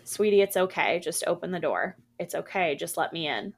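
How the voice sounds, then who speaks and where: A woman's voice: fairly low pitch, lively intonation, normal speed, creaky, a little hiss or hum. A woman voicing a desperate mother who pleads tearfully through a door in a spoken horror story. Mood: pleading. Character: desperate pleading mother, female, middle-aged.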